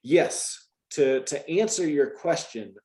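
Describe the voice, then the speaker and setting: A man's voice: a little high, expressive, slow pace, dark tone. Chatty man tutoring in an echoey room. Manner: chatty, thinks aloud with restarts and frequent "right?". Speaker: Spanish tutor. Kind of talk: casual online tutoring.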